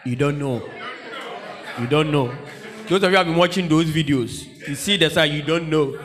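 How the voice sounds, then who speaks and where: Male preacher, high voice, animated, repetitive, comic sermon delivery. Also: normal speed, a faint crowd. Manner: animated, repetitive, bursts into shouts and laughter. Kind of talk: humorous sermon.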